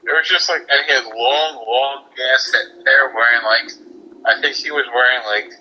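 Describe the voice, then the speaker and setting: A man's voice: mid-range voice, normal speed, sharp tone, breathy edge, rough recording. A man streaming a game, rambling through casual anecdotes full of fillers. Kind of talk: casual storytelling chat.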